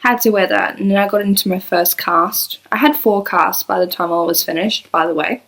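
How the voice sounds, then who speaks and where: A woman's voice: medium pitch, moderate pace, gravelly, fairly bright tone. A woman, rambling and apologetic as she tells an emotional personal story into her laptop. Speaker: vlogger. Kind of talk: personal confessional vlog.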